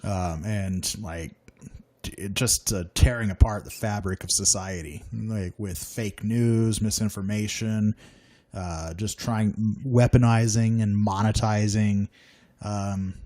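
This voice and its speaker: A man's voice: lowish voice, steady tone, takes it slowly, mellow, dry recording. A man co-hosting a casual panel podcast, giving strong opinions emphatically. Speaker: podcast co-host.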